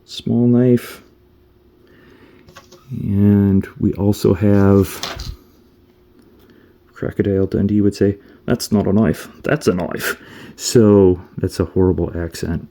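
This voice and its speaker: A man's voice: on the low side, dark tone, slight background noise. A man casually reviewing an action figure, meandering and thinking aloud as he handles each piece. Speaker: toy reviewer.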